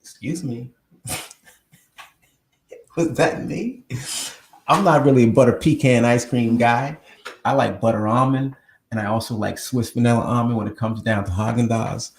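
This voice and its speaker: A man's voice: medium pitch, fairly quick, echoey room. A man hosting a live online show from his home on a new microphone, talking casually and rambling straight to his viewers. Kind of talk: casual live-stream chat.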